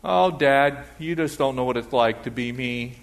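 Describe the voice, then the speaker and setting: A man's voice: mid-range voice, a little slow, natural voice. A man voicing a careless, rebellious young prodigal son who whines and defies his father. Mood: defiant.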